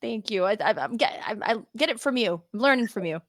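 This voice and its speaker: A woman's voice: on the high side, lively intonation, fast talker, a little hiss or hum. A woman hosting a podcast in casual interview chat, chatty and laughing often, with frequent restarts. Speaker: podcast host.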